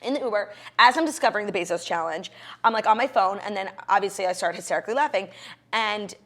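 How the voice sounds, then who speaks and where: A woman co-hosting a podcast, telling stories in casual, animated chat with bursts of laughter. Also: medium pitch, fast talker. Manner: chatty, animated storytelling with bursts of loud laughter. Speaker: podcast co-host.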